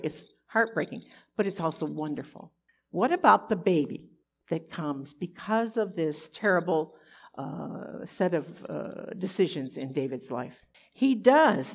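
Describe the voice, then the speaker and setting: A woman teaching a conversational Bible lesson, animated and expressive, often asking her listeners rhetorical questions. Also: on the low side, breathy edge.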